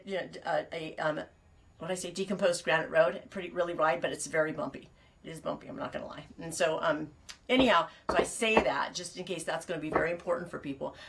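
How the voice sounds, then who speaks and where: A woman with a slightly low voice chats casually on a live knitting stream from home on her farm. She rambles, restarts her sentences, laughs a lot and drops the odd swear word. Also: pushed and bright. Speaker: knitting show host and sheep farmer.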